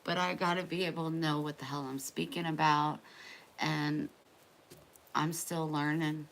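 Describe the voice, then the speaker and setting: Low-voiced chatty woman streaming live. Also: a little slow, creaky, slight background noise. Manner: chatty, playful, excitable. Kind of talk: casual live stream chat.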